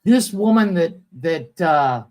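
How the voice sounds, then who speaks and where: Animated man laughing through movie commentary. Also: fairly high pitch, slow pace. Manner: amused, laughs often while describing scenes. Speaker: co-host. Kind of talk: casual movie commentary on a live stream.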